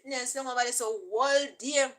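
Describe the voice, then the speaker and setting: Bright-voiced Jamaican woman chatting. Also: sits high, fairly even intonation, fairly quick, low-quality recording. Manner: chatty, checks in often with "right?". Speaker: vlogger. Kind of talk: casual explanatory talk.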